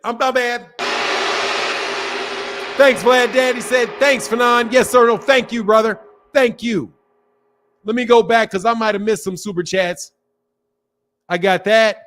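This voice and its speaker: A man with a Philadelphia accent chats on a boxing livestream and reads out viewer super chats. His voice sits high for a man, and he often says the same phrase several times over in a playful, animated way. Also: normal speed, slight background noise. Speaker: boxing channel host reading super chats. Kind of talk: casual livestream chat.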